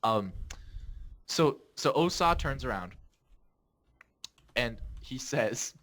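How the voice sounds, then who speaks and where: A man's voice: medium pitch, animated, slow pace, pauses often, a bit bright. A man in his twenties, a podcast host, telling a rambling story in casual chat, laughing often and restarting his sentences.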